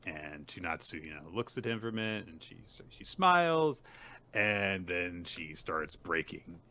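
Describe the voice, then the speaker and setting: Deep, bright-voiced man recapping casually. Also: very animated, measured pace. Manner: retells scenes with frequent fillers and acted-out character lines. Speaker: podcast co-host. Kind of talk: casual chat recapping a manga chapter.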